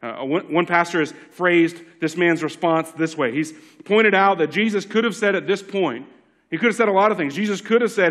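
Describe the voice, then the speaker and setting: A man as lead pastor giving a sermon, swinging from loud emphatic lines to hushed ones and repeating key lines. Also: high-pitched, moderate pace.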